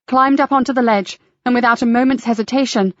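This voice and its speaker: A woman reading a crime novel aloud in a steady, measured audiobook narration. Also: a little high, dry recording. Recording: dry, slightly dull audiobook recording.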